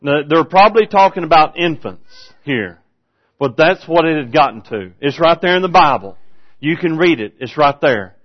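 A man's voice: fairly high pitch, animated, normal speed, lo-fi sound. A man preaching in a folksy, conversational way, asking his audience rhetorical questions. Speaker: pastor. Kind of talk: folksy preaching, Bible study.

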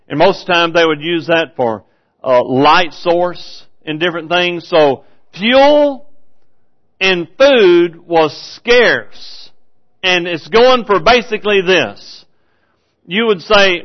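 High-voiced folksy preacher. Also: male voice, lively intonation, slow, dull audio. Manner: conversational, asks the audience rhetorical questions. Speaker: pastor. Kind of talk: folksy preaching, Bible study.

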